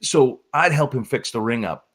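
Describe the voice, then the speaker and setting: A man who is a former wrestling referee, guest on a podcast, telling stories in an animated, laughing way. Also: mid-range voice, moderate pace, breathy edge. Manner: animated storyteller, breaks into laughs. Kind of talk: casual storytelling on a podcast.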